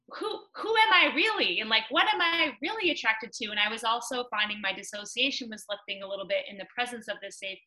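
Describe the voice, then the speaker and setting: A young woman on a podcast telling a personal story in a chatty way, full of "like" and loud acted-out quotes. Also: a little high, poor audio. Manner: chatty, many "like" fillers, acts out quotes loudly. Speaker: podcast guest.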